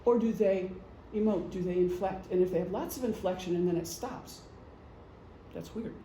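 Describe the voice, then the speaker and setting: Middle-aged woman presenter, warm dark tone, joking and chatty, recorded in an echoey room. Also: mid-range voice, moderate pace, a little hiss or hum. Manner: chatty, joking, acts out gestures. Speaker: presenter, retired police officer and veteran. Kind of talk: casual lecture.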